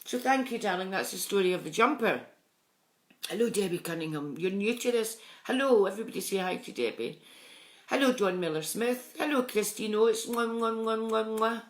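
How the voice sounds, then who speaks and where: A middle-aged woman, chatting on a live stream and warmly greeting viewers by name. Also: mid-range voice, normal speed. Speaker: psychic medium streaming live. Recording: echoey room sound.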